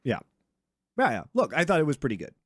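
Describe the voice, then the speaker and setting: A man's voice: on the high side, huge pitch swings, dry recording, studio quality. Opinionated man co-hosting a podcast. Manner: opinionated, laughs often, quick restarts. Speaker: podcast co-host. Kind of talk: casual chat.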